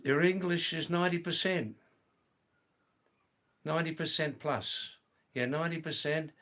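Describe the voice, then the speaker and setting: A middle-aged man hosting a livestream, reading viewer comments aloud and slowly, gently correcting their English. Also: on the high side. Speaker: livestream host.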